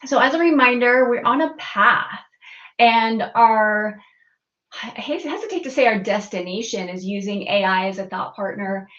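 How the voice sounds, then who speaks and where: A woman's voice: fairly high pitch, moderate pace, fairly bright tone, lo-fi sound. A woman hosting a live online training session, upbeat and chatty, often restarting her sentences as she explains. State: out of breath. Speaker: host. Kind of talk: live webinar presentation.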